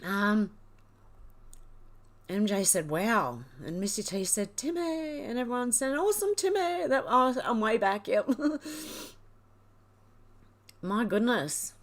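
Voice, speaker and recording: A woman's voice: a little high, animated, slow, long pauses. A woman hosting a livestream, emotional and crying as she reads viewer comments aloud in casual chat. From Australia. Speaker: livestream host.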